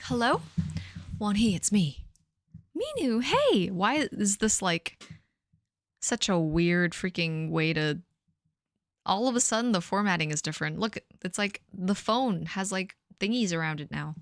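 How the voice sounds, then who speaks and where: On a live stream, a woman in her thirties reads aloud the fanfic she wrote as a teenager, frequently stopping to laugh at it and toss in mock-dramatic remarks. Her voice sits fairly low and unhurried, with no echo.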